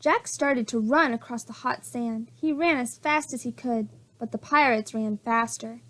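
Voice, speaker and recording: A woman and preschool teacher reading stories aloud to young children in a slow, expressive, sing-song way. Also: on the high side. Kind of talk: reading a picture book and chapter book aloud to children.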